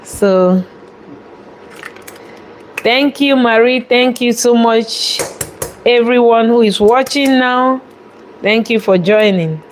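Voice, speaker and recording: A woman chef hosting a live cooking demonstration from a restaurant kitchen, chatty and quick to laugh as she talks viewers through each step. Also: fairly high pitch, a little hiss or hum. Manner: chatty, laughs often, warmly thanks viewers.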